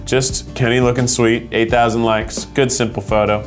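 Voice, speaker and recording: A man's voice: medium pitch, steady tone, moderate pace, hardly any pauses, faint music behind. A young man hosting, reacting playfully to dog posts with lots of laughs and getting emotional. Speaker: host judging dog posts. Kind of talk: casual reaction commentary.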